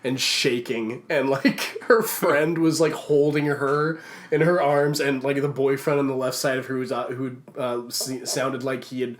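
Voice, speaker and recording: Excitable stammering man on a podcast. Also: medium pitch, measured pace. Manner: excitable, rambling, stammering restarts. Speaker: podcast co-host. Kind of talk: casual podcast chat.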